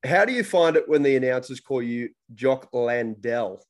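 Australian male interviewer, middle pitch, cheeky and friendly in his questions. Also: animated, fast. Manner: matey, jokey questions. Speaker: host. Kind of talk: casual interview chat.

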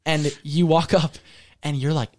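A young man with a slightly high voice hosts a casual podcast chat among friends. He tells long stories about the past and laughs easily as he talks. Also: fairly even intonation, unhurried, a little mellow. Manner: storytelling, laughing often. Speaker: podcast host.

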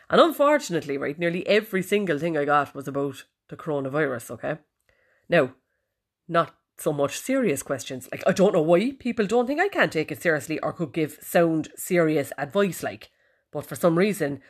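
A woman with an Irish accent hosting a podcast, chatting in a cheeky, sweary way from her bedroom. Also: sits low. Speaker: podcast host. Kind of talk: casual chat. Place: bedroom, sitting on the bed.

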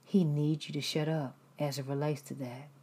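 Low, husky woman preaching bluntly. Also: level tone, moderate pace, dark tone. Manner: blunt, emphatic, repetitive, laughs often.

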